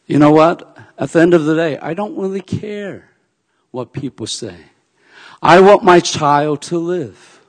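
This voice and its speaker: A man preaching a sermon, dropping to a hush and then rising to loud, emphatic peaks. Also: a little high, expressive, measured pace, long pauses. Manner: swings from hushed to loud and emphatic. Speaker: pastor. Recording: long hall reverb.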